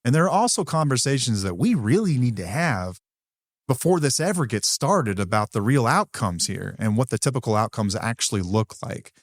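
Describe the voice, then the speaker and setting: A man co-hosting a podcast talks candidly and bluntly in a conversational way, with some mild swearing. His mid-range voice is very animated and moves at a normal speed, captured in a dry recording with clean studio sound.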